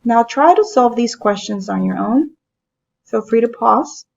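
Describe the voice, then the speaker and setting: A woman teaching a language lesson, explaining grammar step by step in a patient, measured way. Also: a little high, lively intonation, gravelly, a little mellow, highs cut off. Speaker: Spanish teacher. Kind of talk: classroom lesson narration.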